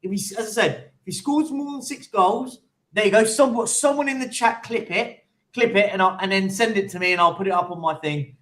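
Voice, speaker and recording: A man's voice: sits high, brisk, fairly bright tone. A man hosting a casual football fan stream, teasing and laughing with his co-host. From Italian roots. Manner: teasing, banters and laughs often. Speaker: channel host.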